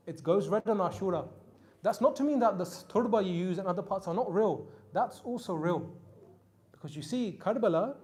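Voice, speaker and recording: A man preaching a Muharram sermon, telling stories with emphatic peaks that drop to soft, quiet lines. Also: sits high. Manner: storytelling, rising to emphatic peaks then dropping soft. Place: mosque hall.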